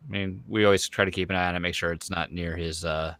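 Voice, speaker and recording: A man in his thirties with a low, bright, forceful voice, chatting casually as a podcast host. He rambles along, stuffing his talk with fillers. The sound is dry and close, with no room around it. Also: steady tone, fast, dry recording. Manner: rambling, full of fillers like "like" and "you know". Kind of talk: casual chat.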